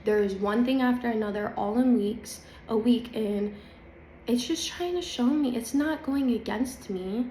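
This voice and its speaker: A woman's voice: fairly high pitch, normal speed, dark tone, slight background noise. A woman talking casually and confidingly to her viewers about spiritual growth, with an emphatic, chatty manner. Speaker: spiritual vlogger. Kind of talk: casual spiritual talk to camera. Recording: echoey room with faint ambience.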